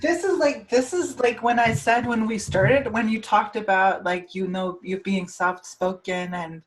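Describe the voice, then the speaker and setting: A woman's voice: medium pitch, measured pace, slight background noise, low-quality recording. A woman hosting a podcast, speaking earnestly and with emotion, often repeating her phrases. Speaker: podcast host. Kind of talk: casual conversation.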